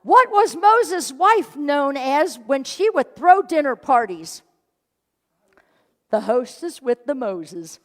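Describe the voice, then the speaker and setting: High and sing-song, a woman's voice moves slowly through a sermon, echoing with hall reverb in the church sanctuary. The minister tells a story full of jokes and acts out those she quotes.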